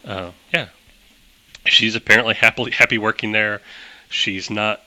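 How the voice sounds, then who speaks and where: A man's voice: on the low side, steady tone, normal speed, bright, forceful tone, no echo, poor audio. A man narrating as game master of a tabletop game, chatty, laughing often and using many fillers.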